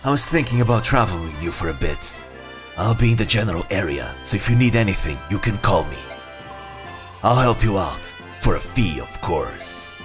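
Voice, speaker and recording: A man voicing a sly, shady thief for hire in a low, offhand manner. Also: big pitch swings, moderate pace, over music.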